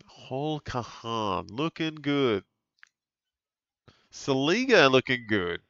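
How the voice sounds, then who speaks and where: Aussie bloke, unhurried live footy commentary, smooth voice, dull muffled mic. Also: male voice, mid-range voice, no room sound. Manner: relaxed, chatty, bursts of excitement at big plays. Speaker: fantasy football streamer calling a live watch-along. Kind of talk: casual live game commentary.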